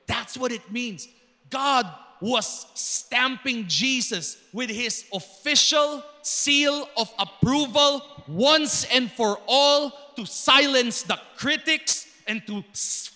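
A man preaching a sermon in a large church hall, animated, breaking into shouted calls to the congregation. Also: very high-pitched. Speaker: pastor. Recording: long reverb of a big church hall.

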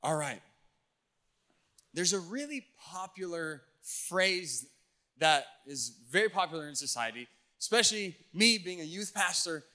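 A young man giving a sermon as a youth pastor in church. He is playful and energetic with the crowd, and his voice sits high and sounds bright and forceful. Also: measured pace.

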